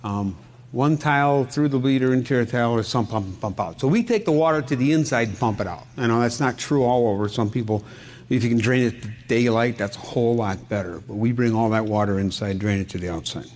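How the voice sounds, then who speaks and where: A middle-aged man from Wisconsin, a home inspector, gives a conversational seminar talk in a mid-range, slightly mellow voice that runs a little fast. He's a folksy storyteller who tells anecdotes and asks the room questions.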